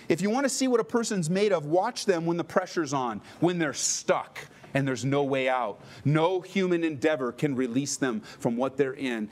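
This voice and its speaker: Male preacher, sermon delivery, voice on the high side, emphatic, rhetorical questions. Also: normal speed, hardly any pauses, darkish tone. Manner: emphatic, rising for stress and dropping low for solemn lines; asks the listeners rhetorical questions. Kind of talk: expository sermon.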